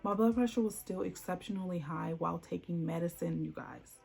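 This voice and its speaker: Gravelly woman telling a dramatic story. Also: lowish voice, fairly quick, soft background music. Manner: animated storytelling, acting out voices in quotes. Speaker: vlogger. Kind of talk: emotional storytime vlog.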